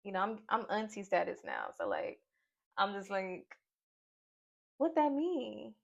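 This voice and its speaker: A woman's voice: medium pitch, wildly swooping pitch, moderate pace, vocal fry, a bit bright. A woman from Nashville chatting through a reality TV recap with sassy, playful asides. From Nashville, Tennessee, US. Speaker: YouTube reality TV reviewer. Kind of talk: casual recap vlog. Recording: dull lo-fi sound.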